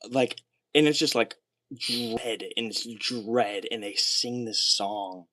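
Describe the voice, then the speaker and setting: A young man livestreaming alone, talking in a rambling, excitable way, full of fillers and swearing. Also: mid-range voice, takes it slowly, no echo. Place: small soundproofed room.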